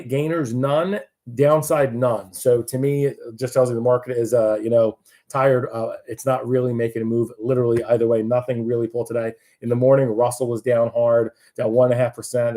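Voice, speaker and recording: A man's voice: mid-range voice, warm tone. A man giving casual live market commentary, chatty and loose, with many fillers and restarts.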